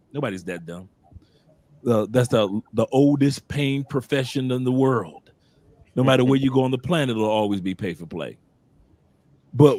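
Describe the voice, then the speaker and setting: A man hosting a casual live stream, telling stories in an animated way with many restarts. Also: mid-range voice, no echo. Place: living abroad, talking from home.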